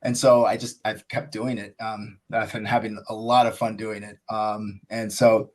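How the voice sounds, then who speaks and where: A man's voice: on the low side, level tone, moderate pace. An American man talking as a podcast guest, telling his story in a casual, enthusiastic, rambling way, full of "like" and "you know". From USA.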